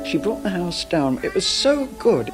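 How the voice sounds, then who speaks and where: A man's voice: high-pitched, big pitch swings, normal speed, over loud music, poor audio. An older Englishman recalling theatre days in an interview, blunt and emphatic. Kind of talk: reminiscing interview. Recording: old VHS broadcast tape.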